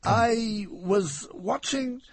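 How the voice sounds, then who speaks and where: Husky Australian-born radio interviewer. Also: male voice, sits high, very slow, dry recording. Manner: tries to steer the chat, laughs along. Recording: old radio broadcast recording.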